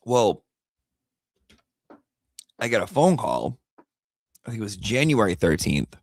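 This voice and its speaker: A man with a fairly low, gravelly voice tells a personal story in a loose, candid way, repeating words and swearing now and then. The sound is dry and close, with no room echo. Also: sing-song, takes it slowly. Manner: candid and emotional, with frequent repeats and casual swearing. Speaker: vlogger and pet owner.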